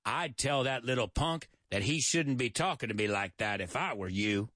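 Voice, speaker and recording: A man putting on a Southern US twang to act out a rough-talking movie scene. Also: mid-range voice, animated, normal speed, a bit bright, no echo, clean studio sound, voice pushed down. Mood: taunting. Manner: drawling, gruff trash talk.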